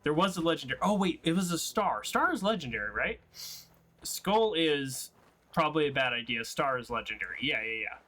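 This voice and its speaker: Bright, excitable gaming commentator, man. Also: on the high side, brisk. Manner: excitable, laughs often, self-mocking. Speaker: let's play host. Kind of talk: casual gameplay commentary.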